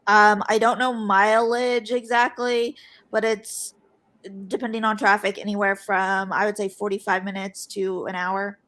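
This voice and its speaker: A young woman reporter, a guest on a podcast, answering questions in a halting way with many fillers and restarts. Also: mid-range voice, flat delivery, fairly bright tone. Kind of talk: podcast interview.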